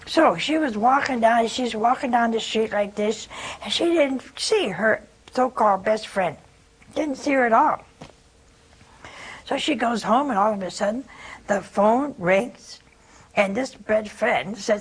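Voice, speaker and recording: Husky older nun telling stories. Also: female voice, a little high, a little slow, low-quality recording. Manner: storytelling with lively acted-out dialogue. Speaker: nun hosting a call-in show. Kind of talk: religious call-in show talk.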